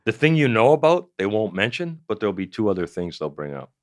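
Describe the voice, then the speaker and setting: Low-voiced storytelling comedian, dry close mic. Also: male voice, fast, no echo. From Canada. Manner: animated, profane anecdotal storytelling with acted-out quotes. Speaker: comedian and former investigator, guest. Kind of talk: storytelling in a podcast interview.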